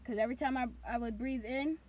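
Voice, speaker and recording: A young woman telling a casual storytime vlog, rambling with lots of "like" and bursting into loud cries when she acts out moments. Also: high voice, quick pace. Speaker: vlogger.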